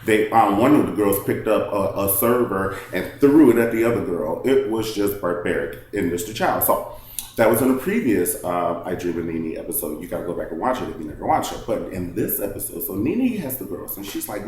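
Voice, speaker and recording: A man's voice: low-pitched, a little fast, slight background noise. Sassy, echoey man recapping reality TV. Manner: animated, sassy storytelling with mimicked quotes. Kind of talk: casual recap commentary.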